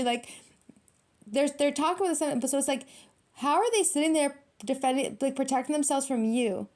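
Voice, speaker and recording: A woman's voice: sits high, fairly quick, a little mellow. Blunt, profane woman reading tarot. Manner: blunt, profane, emphatic street slang. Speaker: tarot reader. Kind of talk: casual tarot reading monologue.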